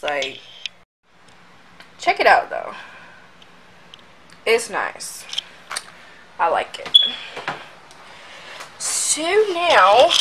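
A woman's voice: a little high, background noise. A young woman talking casually to her vlog audience, goofy and overdramatic, with lots of slang. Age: young adult. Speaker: vlogger. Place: at home while packing. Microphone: built-in camera mic.

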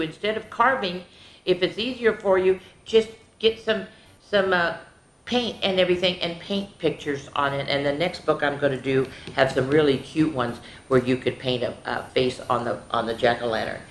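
A woman reading picture books aloud to young children in a playful, animated way, speaking to them directly. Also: on the low side, normal speed. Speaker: children's storytime reader. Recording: echoey room.

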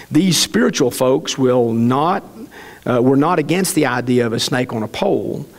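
A man preaching a sermon, reading a satirical parable aloud and slowing down for emphasis. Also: medium pitch. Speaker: pastor. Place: church sanctuary. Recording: long hall reverb.

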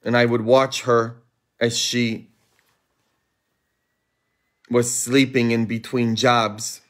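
A man preaching a homily, earnest and emphatic, rising high and intense for rhetorical questions. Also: level tone, slow pace, a bit bright. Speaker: priest. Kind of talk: sermon. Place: church, livestreamed.

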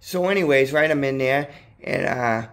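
A man's voice: mid-range voice, normal speed, gravelly. A man vlogging a personal story in casual, rambling talk, heavy on profanity and filler like "dude" and "you know what I mean", his voice jumping up when he gets worked up. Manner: excitable, voice jumps up when worked up.

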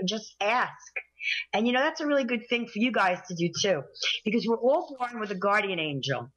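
Brief: woman radio co-host, earnest and animated, mid-pitched, slightly dull radio sound. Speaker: radio show co-host, psychic. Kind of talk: casual radio chat.

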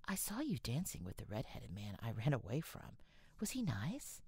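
A woman's voice: extremely low pitch, wildly swooping pitch, moderate pace, a little mellow, breathy edge, no room sound, clean studio sound, full character voice. A woman reading the part of a clumsy, frank tomboyish girl, blunt and often half-whispered. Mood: teasing.

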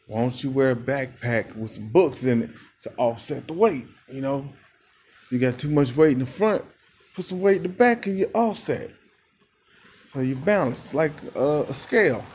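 A man of middle pitch telling a rambling, profane story in a casual rant. He laughs often and his voice leaps upward whenever he gets worked up. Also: a little mellow.

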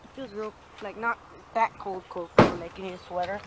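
A woman's voice: medium pitch, steady tone, a little fast, very noisy. A young woman vlogging casually with her daughter, chatting to her viewers and slipping between English and Spanish, filmed on a handheld phone. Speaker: vlogger mom. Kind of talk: casual home vlog. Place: home and outdoors in the rain.

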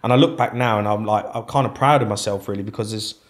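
A man's voice: fairly low pitch, quick pace. A man guesting on a podcast as a former footballer, telling his story candidly and swearing freely. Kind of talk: casual storytelling interview.

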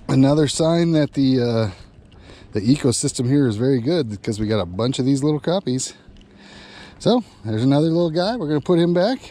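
A man's voice: on the high side, warm tone. A man hosting a fishing vlog outdoors on a lake boat, chatting to the fish and his viewers. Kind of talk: casual fishing vlog narration.

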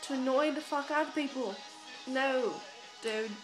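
A woman's voice: high-pitched, unhurried, music in the background. A girl in her teens, chatting casually and bluntly, swearing and putting on a mock British accent. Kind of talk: casual chat to camera. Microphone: phone camera.

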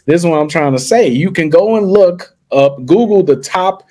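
A man's voice: a little high, expressive, normal speed, mellow. A man running a live online tutorial, chatting with viewers in a hyped, slangy way. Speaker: online business coach.

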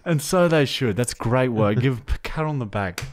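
A man's voice: medium pitch, expressive, normal speed, noisy background. A man leads a crude, casual podcast chat, throwing to segments with playful emcee patter. His voice climbs and dips a lot as he hams it up. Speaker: podcast co-host running the segments.

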